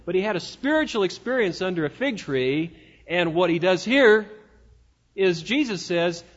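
A man with a high voice delivers a sermon, folksy and conversational, tossing asides to his listeners. The sound is dull and lo-fi, and his words ring out with a long echo in a large hall. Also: animated, normal speed. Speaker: pastor.

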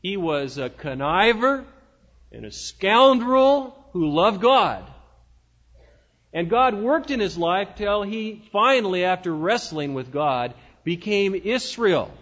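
High-voiced preacher guy, folksy sermon, long hall echo, kinda muffled lo-fi sound. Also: sing-song, takes it slowly, fairly bright tone. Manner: folksy, conversational preaching with rhetorical asides. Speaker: pastor. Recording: dull lo-fi sound in a reverberant hall.

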